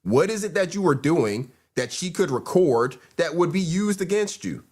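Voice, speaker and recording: A man's voice: fairly high pitch, expressive, normal speed, darkish tone. A man hosting a reaction show, bluntly commenting on clips and calling his viewers y'all. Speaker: host.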